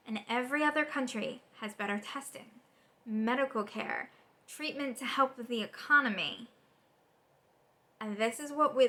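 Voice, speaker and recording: A woman political vlogger in an unscripted, angry rant, exasperated and swearing, with rapid repetitions and restarts. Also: high voice, bright, forceful tone.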